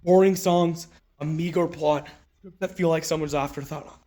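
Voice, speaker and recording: A man's voice: a little high, steady tone, normal speed, mellow. A man ranting in an angry, profane, mocking commentary, talking into a phone.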